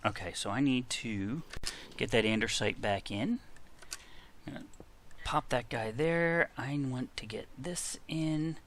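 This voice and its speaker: A man's voice: mid-range voice, measured pace, fairly bright tone, slight background noise. A man giving casual, chatty commentary while playing a game, talking to himself with frequent exclamations. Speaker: gaming video creator.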